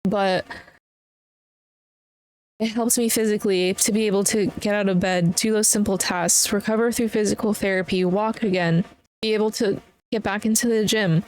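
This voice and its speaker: A woman hosting her own podcast, telling a personal story in a candid, halting way with fillers and blunt swearing. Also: mid-range voice, fairly even intonation, a little mellow, rough recording. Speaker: podcast host.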